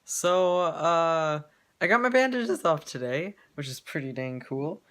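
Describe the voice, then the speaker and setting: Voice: medium pitch, animated, unhurried, fairly bright tone. A vlogger talking casually at home in an update video, rambling with lots of fillers and restarts and giggling often.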